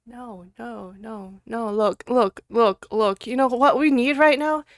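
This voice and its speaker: A woman's voice: fairly high pitch, slow pace, dry recording. Giggly streamer woman with dry close sound. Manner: giggly, loud outbursts, mutters while clicking around. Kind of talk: casual live-stream chat.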